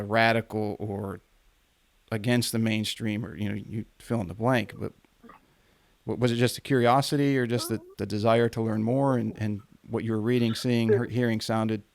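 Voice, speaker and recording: A man with a gravelly, creaky voice, hosting an interview podcast. He asks long, winding questions, hesitating and restarting as he goes. The sound is dry and close, with no room around it. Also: medium pitch, no room sound. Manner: hesitant, repeats words and restarts his questions. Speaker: podcast host.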